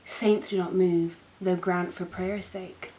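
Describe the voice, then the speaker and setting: A woman's voice: fairly low pitch, steady tone, slow, mellow, rough recording. A woman voicing a poised, playfully teasing young woman in a theatrical dramatic reading.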